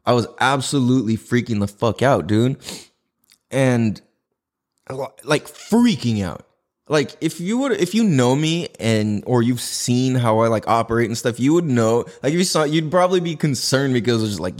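Male podcast host, casual home monologue, lively swooping pitch, loose profane slang. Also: moderate pace. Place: indoors in a house. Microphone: podcast mic with cameras recording.

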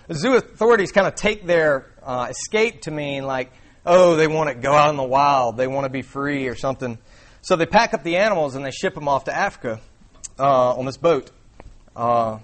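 A young man preaches in a church, talking loosely and conversationally. His voice sits a little high for a man. He fills his sentences with easy fillers and restarts. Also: fairly bright tone. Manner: casual, conversational, many fillers. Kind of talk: sermon. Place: church before a congregation.

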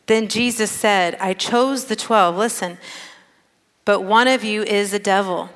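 Female preacher, earnest and conversational, mid-pitched voice, long hall reverb. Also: unhurried. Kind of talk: sermon.

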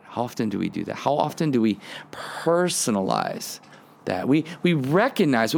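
A man's voice: medium pitch, wildly swooping pitch, moderate pace, vocal fry. A man hosting a devotional podcast, teaching in an earnest, conversational way and sometimes acting out prayers. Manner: earnest, conversational, acts out prayers in quoted lines. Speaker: podcast host teaching on the Psalms.

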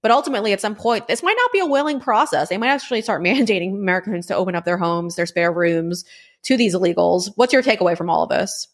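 A woman host runs through political commentary at a quick clip, her speech loose and conversational. She leans on fillers as she goes, and her pitch sits in a middle range. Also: animated. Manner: brisk, conversational, with many fillers. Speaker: show host.

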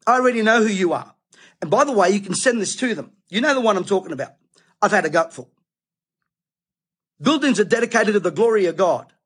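A man's voice: high-pitched, expressive, quick pace, slightly rough. A middle-aged Australian man, a preacher, ranting indignantly in an impassioned monologue.

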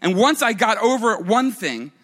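A man preaching a sermon to a church congregation in an animated, conversational way, with playful asides. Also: high-pitched, moderate pace, long reverb tail. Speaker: pastor.

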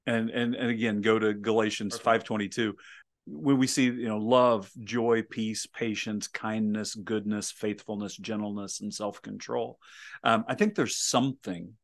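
A man hosting an interview, speaking in a measured and earnest way about faith and family. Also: fairly low pitch, fairly even intonation, vocal fry, no room sound, studio quality. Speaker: interview host. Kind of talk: reflective faith interview talk.

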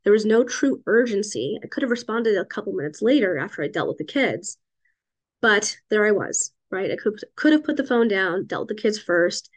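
A woman's voice: mid-range voice, lively intonation, moderate pace. A middle-aged woman, a psychiatrist and parent, telling a personal story in a reflective, conversational way and often turning to listeners with "right?". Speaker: psychiatrist and parent sharing advice.

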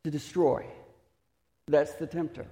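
A man preaching a sermon, originally from Texas, asking the listeners questions and slowing down to stress his points. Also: on the high side, steady tone, warm tone. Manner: questioning, emphatic, slows for stress. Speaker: pastor. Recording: reverberant hall.

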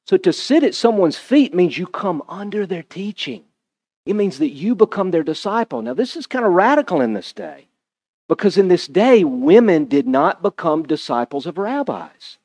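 Male pastor, high and very expressive, conversational sermon style with congregation asides. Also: moderate pace.

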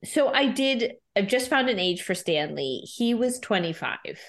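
Lively, giggly woman chatting. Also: on the high side, a little slow. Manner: chatty, laughs often, many "like" fillers. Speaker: podcast co-host discussing a TV episode. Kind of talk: casual chat.

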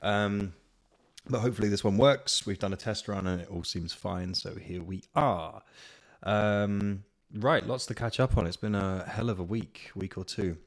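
A man's voice: lowish voice, normal speed. A young man hosting a casual solo podcast, chatty and rambling, swearing freely. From Kent, England. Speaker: podcast host. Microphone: podcast microphone.

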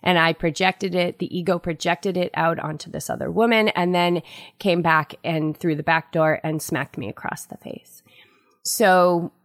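A woman with a slightly low voice talks earnestly about the ego on her podcast. She tells a personal story and jumps up in pitch when she acts out the people in it. The sound is close and dry, with no room in it. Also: no room sound. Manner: earnest, storytelling, animated quoting. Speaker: podcast host. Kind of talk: spiritual self-help podcast talk.

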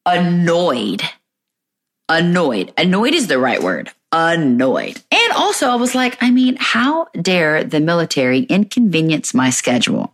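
A woman's voice: deep voice, a bit bright. A woman in her thirties hosting a podcast, talking candidly in a chatty, self-mocking way. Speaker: podcast host. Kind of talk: casual monologue.

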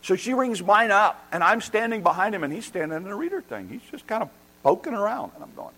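A middle-aged man preaching a sermon as a pastor, telling a story with animated, self-deprecating humor and excited restarts. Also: high-pitched, quick pace, low-quality recording. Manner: restarts and repeats words when excited.

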